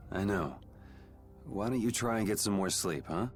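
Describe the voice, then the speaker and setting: A man's voice: lowish voice, lively intonation, measured pace, slightly rough, faint music behind. An actor voicing a sardonic young male swordsman in a video game, with a dry, curt, dismissive manner. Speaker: game character.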